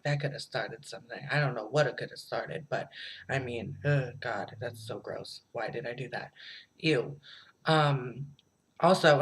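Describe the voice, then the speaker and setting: Casual vlogger, mid pitch, rambling and profane, self-mocking, lots of "um" and "like". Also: poor audio. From Southern Illinois. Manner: rambling, profane, many fillers; self-deprecating, laughs while telling stories. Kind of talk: casual storytelling.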